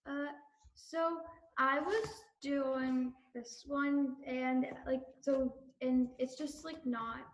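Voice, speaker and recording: A woman's voice: high-pitched, steady tone, drawn-out words. A female workshop participant on a video call, talking hesitantly with many fillers. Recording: echoey lo-fi video call audio.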